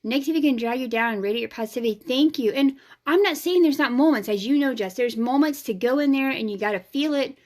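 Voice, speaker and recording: A woman with a fairly high voice hosts her own vlog as an energy healer. She talks in a frank, casual way and puts strong emphasis on her points, dropping the odd swear word. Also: quick pace, few pauses, darkish tone. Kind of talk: casual spiritual vlog talk.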